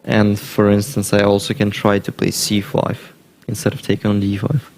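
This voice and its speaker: A man commentating live on a chess game, thinking aloud through variations in a measured way. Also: fairly low pitch, monotone, darkish tone, a little hiss or hum.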